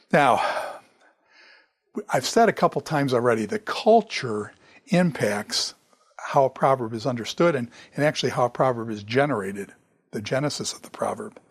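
A man's voice: medium pitch, husky, no room sound. Man giving a casual classroom lecture. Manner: conversational, repeats phrases, frequent "okay?".

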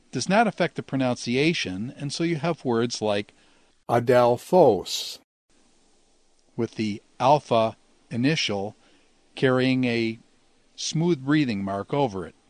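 In a dry recording, a man with a mid-range voice teaches Greek grammar. His delivery is measured and explanatory, and he slows to pronounce every Greek word carefully.

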